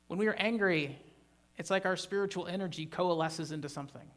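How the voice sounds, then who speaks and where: A man as pastor preaching a sermon in a church, emphatic, building to loud animated bursts and joking with the congregation. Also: sits high, brisk.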